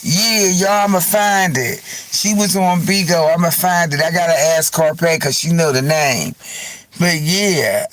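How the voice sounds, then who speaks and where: On a low-quality recording with no room sound, a man with a slightly high voice hosts a livestream. He tells gossipy stories to his viewers in casual chat, animated, swearing freely and laughing often.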